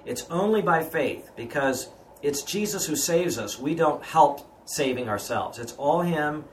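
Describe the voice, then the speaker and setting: A man's voice: on the high side, animated, measured pace, poor audio. A man who is a pastor answers a question with an earnest teaching explanation, stressing points through repeated phrases. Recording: faint background hiss.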